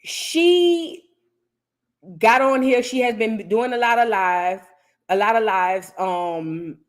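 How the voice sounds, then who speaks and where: A woman's voice: a little high, slow pace. Chatty New woman hosting gossip talk. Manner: chatty, talks straight to viewers. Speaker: host of a celebrity gossip reaction show. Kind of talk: casual commentary.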